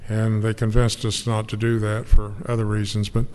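A man's voice: lowish voice, monotone, normal speed, darkish tone, clear, resonant tone. An older man giving an earnest, emotional personal testimony about his recovery to an audience. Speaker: speaker sharing recovery story. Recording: long hall reverb, faint noise.

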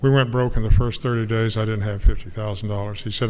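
Telling an audience about his recovery, an older man gives a heartfelt, emotional testimony. His voice is on the low side, a little mellow, level in tone, and quick. The audio has faint noise and a long hall reverb.

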